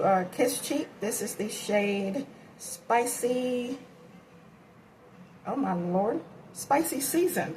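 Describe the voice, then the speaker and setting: A tired beauty vlogger with a fairly high voice rambles to herself in a casual makeup tutorial chat while doing her makeup at home, breathing heavily. The recording is low quality, with slight background noise.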